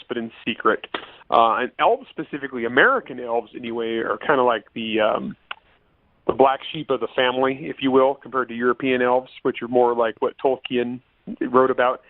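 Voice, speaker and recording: A man's voice: mid-range voice, no room sound. Chatty man on a tinny phone line. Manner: chatty, laughing often, many fillers and restarts. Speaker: author guest on a podcast. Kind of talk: casual interview chat.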